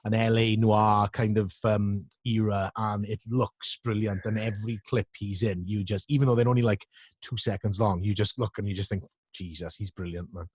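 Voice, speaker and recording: A man's voice: fairly low pitch, fairly even intonation, normal speed, darkish tone, husky, no echo. Jokey male podcast co-host. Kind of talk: casual chat.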